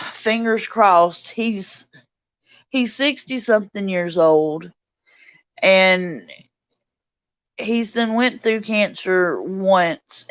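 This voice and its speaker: A woman hosting a casual livestream chat, reading out viewer comments and answering them warmly. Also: lowish voice, smooth, no room sound, muffled recording. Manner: warm, reads out viewer comments and greets chatters. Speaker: livestream host.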